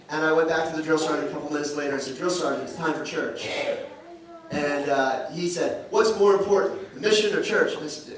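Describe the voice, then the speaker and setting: A man preaching a sermon as pastor, telling stories and acting out the quoted dialogue. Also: a little high. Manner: storytelling, acts out quoted dialogue. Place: church sanctuary. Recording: far from mic, very echoey church hall.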